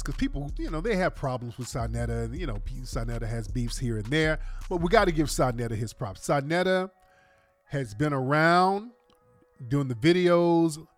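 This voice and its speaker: Animated slangy man on a livestream. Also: a little high. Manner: animated slangy street talk. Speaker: livestream host. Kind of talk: casual livestream talk.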